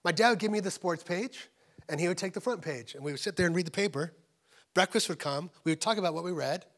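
A middle-aged man preaching a sermon as a guest pastor at a church service. He repeats phrases for emphasis and swings between urgent, raised points and hushed, near-whispered moments. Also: high voice, fast.

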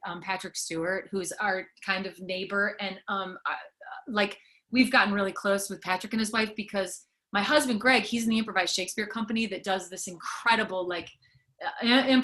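A middle-aged woman comedian and podcast host, chatting as a guest and acting out quotes as she tells stories. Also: mid-range voice. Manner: animated storyteller, acts out quotes. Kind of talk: casual interview chat.

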